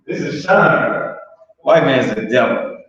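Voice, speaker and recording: Slow joking male teacher in echoey room. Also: medium pitch, fairly bright tone. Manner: joking, drawn-out, laughs between points. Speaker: language teacher. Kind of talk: casual live classroom teaching. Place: classroom with students. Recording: very echoey room from far off, dull.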